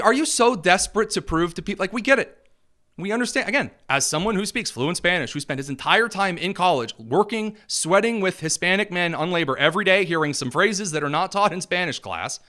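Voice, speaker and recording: A man's voice: high voice, bright, forceful tone. A young man from Indiana hosting a political commentary show, talking in a sarcastic, mocking way. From Indiana, USA.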